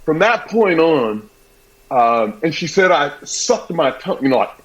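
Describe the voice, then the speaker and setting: A man hosts a sports talk show and chats casually with his guest, acting out voices as he tells a childhood story. His voice sits a little high for a man. The recording sounds dull and lo-fi. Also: measured pace. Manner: animated storyteller, acts out voices.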